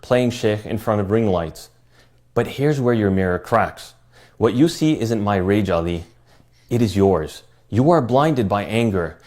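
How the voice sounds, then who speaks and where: Calm, measured man reading a rebuttal. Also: lowish voice. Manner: calm, measured, well spoken. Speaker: video essayist. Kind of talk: scripted rebuttal speech.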